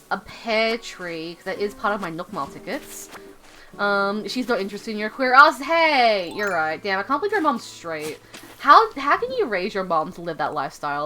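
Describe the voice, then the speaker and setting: A woman's voice: mid-range voice, pushed and bright. A woman streaming a game, chatting casually and rambling with many fillers and jokes.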